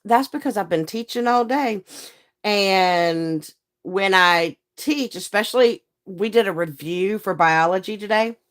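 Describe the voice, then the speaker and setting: A hoarse, croaky woman, hosting a live stream in folksy, chatty talk and greeting viewers by name. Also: medium pitch, measured pace. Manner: chatty, folksy, laughs often. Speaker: livestream host and seller.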